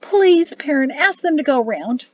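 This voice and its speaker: A woman's voice: lively intonation, normal speed, dry recording, highs cut off. A woman voicing a flustered, anxious young wife in an audiobook, pleading in a raised voice. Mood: fretful pleading. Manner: high, pleading and fretful.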